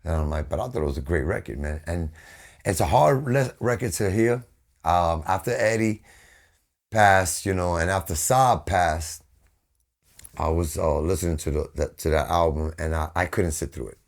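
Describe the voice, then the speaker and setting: A man's voice: low voice, normal speed. A middle-aged man with a New York accent, telling rambling, profane stories as a podcast guest. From United States. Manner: rambling, profane storytelling with frequent "bro" and "man". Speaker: podcast guest, band vocalist. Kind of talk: casual chat.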